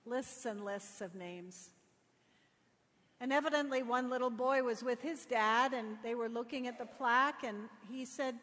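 A woman's voice: a little high, moderate pace. Woman preaching in a reverberant church. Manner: storytelling, gently humorous. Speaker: pastor. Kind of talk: sermon.

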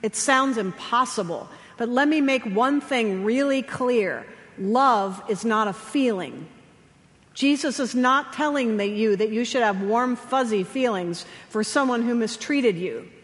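A woman chaplain preaching a sermon, telling stories gently with slow, emphatic pauses. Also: fairly high pitch. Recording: long hall reverb.

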